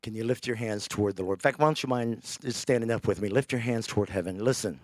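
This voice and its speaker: A man preaching a sermon, telling a scripture story with animated, acted-out character lines. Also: fairly low pitch, fast, no room sound, studio quality.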